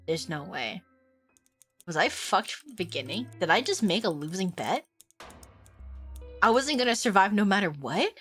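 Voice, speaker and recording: A woman's voice: mid-range voice, very animated, normal speed, long pauses, fairly bright tone. A young woman streaming a game, reacting dramatically, exclaiming and swearing to her chat. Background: faint game music.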